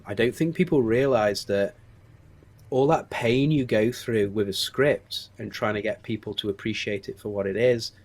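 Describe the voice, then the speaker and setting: A man in his forties with a Stoke-on-Trent accent, a screenwriter talking candidly in an interview, reflective and hesitant with many restarts. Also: fairly low pitch. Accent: Stoke-on-Trent English. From England. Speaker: screenwriter and producer guest.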